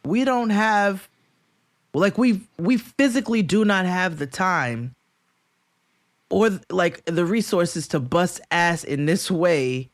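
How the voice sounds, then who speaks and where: A man co-hosting a podcast, telling a long story in casual chat, acting out quotes in high voices and laughing often. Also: slow, dry recording, studio quality. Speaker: podcast co-host.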